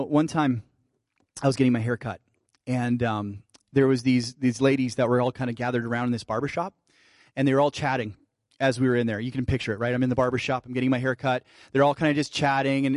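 A male pastor preaching a sermon, shifting between fervent emphasis and soft, intimate asides. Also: mid-range voice, no room sound, studio quality. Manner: preaching with rising fervor, then dropping to soft intimate tones.

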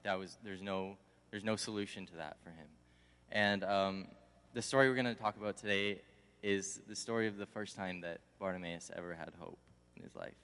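A man's voice: deep voice, moderate pace, smooth. A young man, a college intern, giving a casual, conversational sermon. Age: young adult. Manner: conversational, animated when acting out the crowd. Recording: long hall reverb.

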